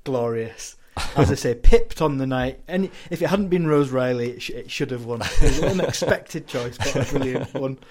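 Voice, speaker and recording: A man's voice: medium pitch, normal speed, hardly any pauses, darkish tone. Chatty male podcast host. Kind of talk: casual interview.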